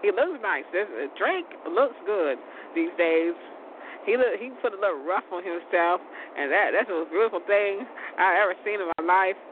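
A woman's voice: mid-range voice, expressive, moderate pace. Woman, 40s, casual monologue, repetitive, faint background noise, phone-quality audio. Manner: rambling, repetitive, laughs often. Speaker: vlogger.

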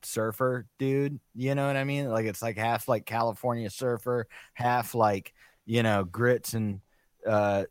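A man's voice: medium pitch, steady tone, unhurried, smooth, dry recording, clean studio sound. A man from the US South with a coastal South Carolina accent, co-hosting a podcast in laid-back, filler-heavy chat. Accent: Southern US, Myrtle Beach coastal. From US South (Atlanta, coastal South Carolina). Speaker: podcast co-host. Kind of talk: casual chat.

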